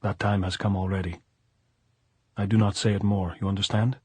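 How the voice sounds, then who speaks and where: A man voicing a big, gruff, weary middle-aged guerrilla woman who talks bluntly in old-fashioned thee-and-thou speech. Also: lowish voice, level tone, normal speed, darkish tone, no room sound. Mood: stubborn.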